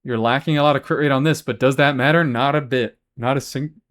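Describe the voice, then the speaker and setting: A man's voice: mid-range voice, steady tone, fast, fairly bright tone. A man live-streaming a game, chatting casually and answering chat, swearing freely as he talks. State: has hiccups.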